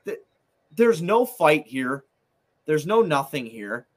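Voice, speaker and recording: Dude ranting on a sports pod, cussing, kinda high voice. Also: male voice, big pitch swings, slow pace. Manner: profane, heated and ranting. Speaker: podcast co-host. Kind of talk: casual sports podcast banter.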